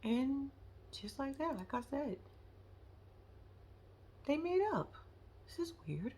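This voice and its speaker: A woman's voice: high voice, slow. A woman giving blunt, profane casual commentary on a reality TV show, talking straight to her viewers and laughing often. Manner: animated, talks straight to viewers. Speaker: reality TV recap vlogger.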